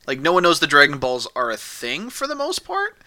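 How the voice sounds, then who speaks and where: A man's voice: a little high, wildly swooping pitch, fairly quick, sharp tone. A man co-hosting a casual podcast, recapping the plot with dry, exasperated asides. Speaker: podcast co-host.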